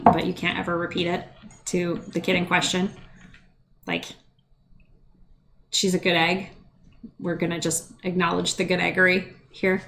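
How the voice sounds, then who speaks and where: A woman's voice: on the low side, creaky, a bit bright, a little hiss or hum. A middle-aged woman hosting a podcast, chatting casually and wryly, rambling with asides. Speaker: podcast host. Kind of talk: casual chat.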